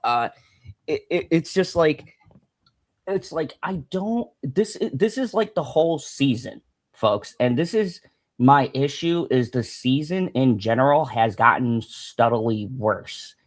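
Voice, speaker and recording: A man co-hosting a casual review podcast, talking fast and animated, swearing freely and laughing often. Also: mid-range voice. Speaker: podcast co-host.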